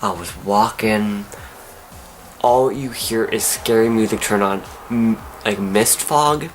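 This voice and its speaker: A teenage young man, telling a story to camera in an excitable, animated way. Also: lowish voice, slow, soft background music. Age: teens. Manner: excitable, animated, acts out his own screams and whispers. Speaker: vlogger.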